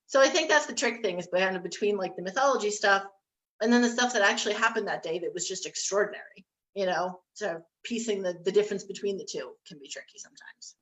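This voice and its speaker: A woman on a history panel, chatting easily through stories with plenty of ums and restarts. Her pitch sits at an ordinary middle level for a woman. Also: fast, fairly bright tone, low-quality recording. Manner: chatty storyteller, many fillers and restarts. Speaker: historic site staff panelist. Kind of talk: casual panel discussion.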